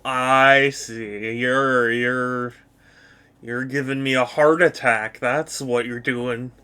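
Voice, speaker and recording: A man's voice: mid-range voice, fairly even intonation, takes it slowly, sharp tone, smooth. A man streaming a video game, chatting casually and playfully with his viewers and laughing often. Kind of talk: casual live-stream chat.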